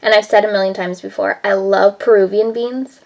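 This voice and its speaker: A woman talks casually as she cooks in her home kitchen. She rambles from one thought to the next and fills her speech with "like" and "um". She has a relaxed, everyday vlogging manner. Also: medium pitch, moderate pace, gravelly, poor audio. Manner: chatty, rambling, heavy use of "like" and "um". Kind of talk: casual vlog chat.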